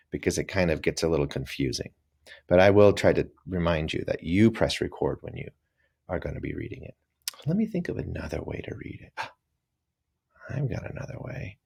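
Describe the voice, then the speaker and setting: A man teaching a recorded reading lesson for children, talking straight to the kids in a lively, coaxing way. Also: deep voice, vocal fry, breathy edge.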